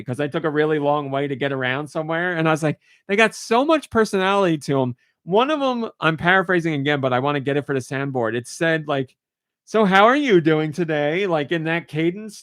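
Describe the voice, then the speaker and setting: A man's voice: fairly high pitch, fairly bright tone, no room sound, clean studio sound. A man hosting a podcast, chatting casually and gushing with enthusiasm. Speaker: podcast host.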